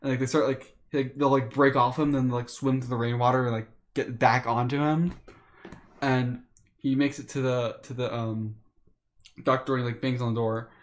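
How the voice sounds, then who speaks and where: A man streaming, retelling a story in a casual, animated way with lots of fillers. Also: medium pitch, normal speed. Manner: animated retelling, with many fillers and acted quotes.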